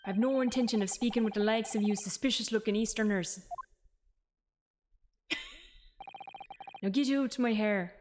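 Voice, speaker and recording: A woman voicing a gruff, hostile older male prison governor with an attempted Scottish accent. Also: a little high, normal speed, pauses often, darkish tone, slight background noise, close to an everyday voice. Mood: dismissive. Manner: dismissive, scornful.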